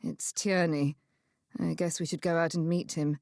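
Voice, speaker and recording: A woman voicing a young Regency gentleman, brooding and wry, with a sarcastic, self-reproaching manner. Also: on the low side, normal speed, no echo, studio quality, natural voice.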